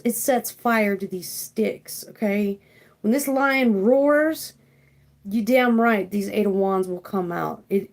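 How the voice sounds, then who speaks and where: A young woman with a somewhat high-pitched voice leads a live tarot card reading. She rambles from card to card in an excitable rush, often throwing in "freaking" and checking in with listeners by asking "okay?". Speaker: tarot reader.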